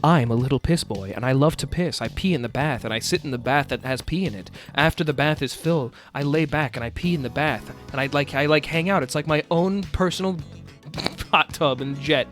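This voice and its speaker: A man voicing a haughty, bratty rich young man, read in a crude, mock-haughty deadpan. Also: a little high, a little fast, soft background music, natural voice.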